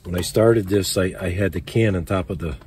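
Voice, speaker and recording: An older man chatting in a relaxed, rambling way with lots of fillers, vlogging from a canvas teepee with a wood stove in the snowy woods. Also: deep voice, a little fast. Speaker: outdoors vlogger. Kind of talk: casual camp vlog. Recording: outdoor camp recording with steady background noise.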